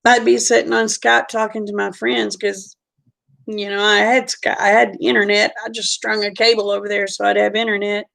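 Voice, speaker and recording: A woman's voice: mid-range voice, little pitch movement, normal speed, vocal fry, fairly bright tone. A middle-aged woman telling a personal story in a frank, chatty way. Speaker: vlogger. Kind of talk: casual storytelling.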